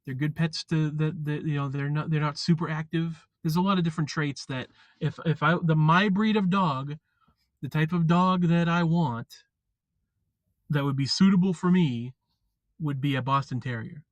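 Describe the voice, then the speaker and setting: A man chatting casually on a live stream, rambling and halting with lots of fillers and restarts. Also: fairly high pitch, no room sound, highs cut off. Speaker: vlogger.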